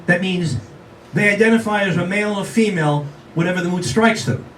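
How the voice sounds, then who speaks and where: A man in his sixties performs a self-mocking stand-up set at a live venue, chatting directly with the audience in a conversational way. His high, fairly bright voice comes a little fast, with slight hiss or hum, and the roomy, distant recording picks up crowd ambience.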